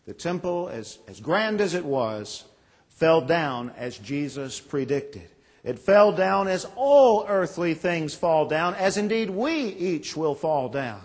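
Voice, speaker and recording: A man's voice: fairly high pitch, sing-song, slow. A pastor in his forties preaching a sermon, reading scripture and telling folksy stories with self-deprecating jokes. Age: 40s. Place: church sanctuary. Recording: long echo of a large church.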